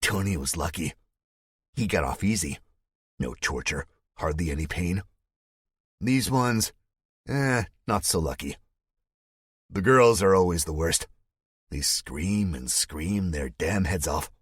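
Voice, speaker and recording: Man doing a cruel soldier guy droning low in your ear, husky. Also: takes it slowly, long pauses, no room sound, clean studio sound, full character voice. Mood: callous.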